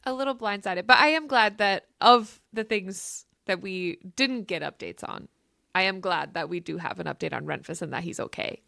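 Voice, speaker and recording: A woman's voice: medium pitch, normal speed, vocal fry, sharp tone, dry recording, studio quality. A woman co-hosting a casual book club podcast, thinking aloud with many restarts. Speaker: podcast co-host.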